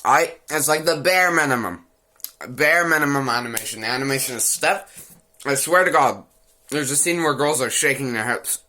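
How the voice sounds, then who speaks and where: A young man rants his way through an anime recap in a casual, mocking voice. His tone is bright and forceful, and he loops back on phrases as he goes. He is crude and laughing at the show rather than reviewing it seriously. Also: medium pitch, normal speed.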